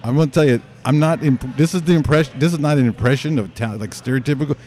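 A man's voice: mid-range voice, rapid-fire, soft background music. A male radio show host telling a rambling comic story, restarting and interrupting himself as he goes. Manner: rambling, animated, self-interrupting.

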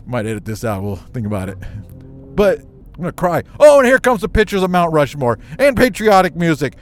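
A slightly higher-voiced American man hosting his own show and telling a heartfelt personal story. He is animated and emotional, and he breaks off into quick, wry asides. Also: faint music behind. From United States.

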